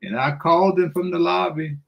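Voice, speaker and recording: An older man telling a lively story on the radio. He acts out the voices as he goes, laughs often, and keeps calling the listener "man". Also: fairly high pitch, brisk, vocal fry, dull audio. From Washington DC area. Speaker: guest storyteller. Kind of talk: animated anecdote on radio.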